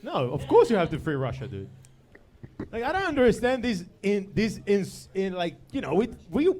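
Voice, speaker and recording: A man argues his side of a comic debate in a rambling, laughing way, tossing out crude jokes. His voice sits a bit high and swings widely in pitch. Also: huge pitch swings, moderate pace, darkish tone. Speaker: comedy debater.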